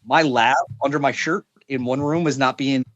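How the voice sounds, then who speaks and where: A man's voice: mid-range voice, steady tone, normal speed, fairly bright tone, dry recording, muffled recording. Man, young adult, rambling storyteller, lots of fillers, dry close sound. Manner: rambling, many fillers and restarts. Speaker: podcast guest. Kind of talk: casual storytelling.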